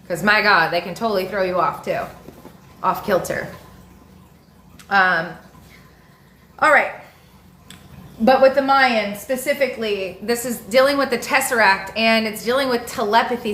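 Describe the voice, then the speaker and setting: A woman's voice: mid-range voice, fairly bright tone, roomy sound, a little hiss or hum. A woman astrologer teaching in a casual, frank, slangy way and laughing often. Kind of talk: casual spiritual teaching monologue.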